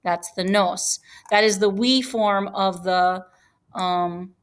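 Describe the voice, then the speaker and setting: Female teacher, unhurried, patient and explanatory, recorded on a computer mic for a lesson. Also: mid-range voice, fairly even intonation, clear, resonant tone. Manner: patient, explanatory, with fillers and self-corrections. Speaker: Spanish teacher. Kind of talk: screen-share grammar lesson.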